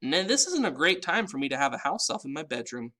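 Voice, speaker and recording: A man's voice: fairly high pitch, sing-song, fast talker, sharp tone. A man reading a storybook aloud and voicing a nervous, polite young boy wizard who stammers.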